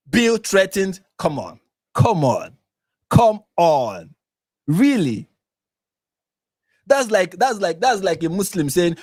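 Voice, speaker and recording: A Nigerian-accented man hosting a live reaction commentary. He pushes points over and over with exasperated emphasis, his pitch swinging widely. The sound is close and dry. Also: very animated, measured pace, pauses often, a little mellow, no room sound. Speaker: reaction channel host.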